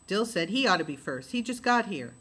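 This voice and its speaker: A woman narrating a novel aloud in a steady storytelling voice. Her tone is bright and forward, with a middle pitch. She lowers her voice for the dialogue tags. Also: a little fast, slightly rough. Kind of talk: audiobook reading of a novel.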